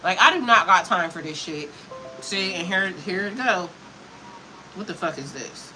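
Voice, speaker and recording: A woman's voice: on the low side, animated, normal speed, over music, poor audio. A woman spiritual coach in a heated, profane, emphatic livestream rant.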